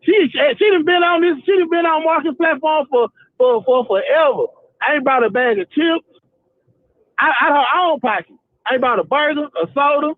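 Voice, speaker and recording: A man's voice: extremely high pitch, normal speed, no echo. A man calling in to a livestream, talking emphatically with lots of stumbling restarts. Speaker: caller. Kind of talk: phone call-in. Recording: tinny phone line.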